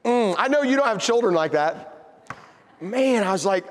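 Male preacher, folksy storytelling, humorous, high voice, reverberant hall. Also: expressive, moderate pace. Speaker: pastor. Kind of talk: sermon storytelling.

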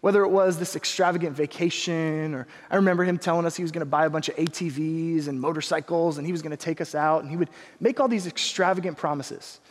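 A young man preaching a sermon, telling a personal story in an earnest, animated way, with quick asides to the congregation. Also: fairly high pitch, big-room sound. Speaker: pastor.

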